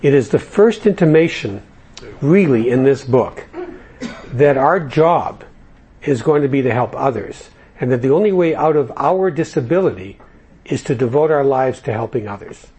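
Husky guy giving a recovery talk, chatty, jokey, lots of ums. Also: medium pitch, lively intonation, normal speed, dark tone. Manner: conversational storyteller, jokey, with fillers. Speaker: recovery program speaker.

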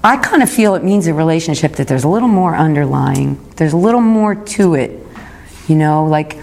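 Candid gravelly-voiced woman in her fifties. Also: low-pitched, expressive, normal speed, a little mellow. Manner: candid, reflective, confessional. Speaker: speaker sharing at a recovery meeting. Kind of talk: personal recovery talk. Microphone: recorded talk.

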